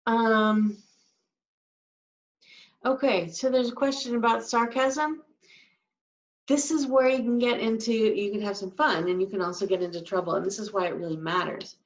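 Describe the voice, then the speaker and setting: A woman's voice: fairly high pitch, steady tone, moderate pace, pauses often. A woman teaching a sign language class, explaining signs and acting out emotions with her voice. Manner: demonstrative, acts out emotions with her voice. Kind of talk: live class instruction. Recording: distant mic, dull lo-fi sound.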